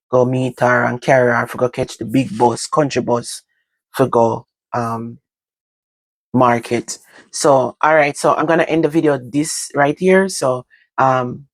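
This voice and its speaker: An older woman with a Jamaican accent, telling stories from her own life to her vlog audience in casual, animated talk that moves between patois and standard English. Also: rumbling low, no echo. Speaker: vlogger. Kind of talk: casual storytelling to camera.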